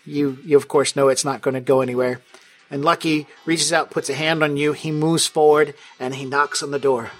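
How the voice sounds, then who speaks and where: A man's voice: a little high, fairly even intonation, moderate pace, a bit bright, faint music behind. A man running a tabletop game as game master, narrating with a playful, wry manner. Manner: playful and wry, breaks into laughter.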